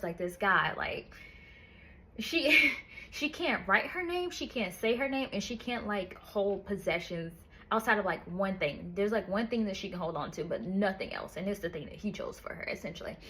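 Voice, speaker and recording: A woman's voice: mid-range voice, lively intonation, moderate pace, sharp tone. A woman in a casual book review chat, retelling the story in a chatty, profane way with lots of "like".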